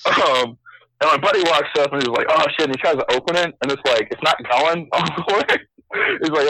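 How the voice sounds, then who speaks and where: A man's voice: a little high, sing-song, a little fast, sharp tone, a little hiss or hum, poor audio. A young man telling a story on a casual podcast chat, swearing a lot and laughing as he goes. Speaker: podcast co-host.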